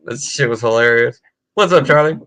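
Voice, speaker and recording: A man's voice: medium pitch, normal speed, bright, forceful tone. A man hosting a casual livestream chat, laid-back and swearing freely as he tells stories. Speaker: livestream host. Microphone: video call setup.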